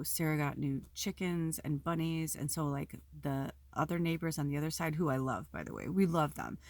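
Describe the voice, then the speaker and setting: A woman with a low, deep-set voice talks candidly to her viewers, rambling and emotional, with frequent fillers and the odd swear word. The sound is dry and close, with no room around it. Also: dry recording. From Pacific Northwest United States. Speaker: spiritual video host. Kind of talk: casual personal vlog talk. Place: at home.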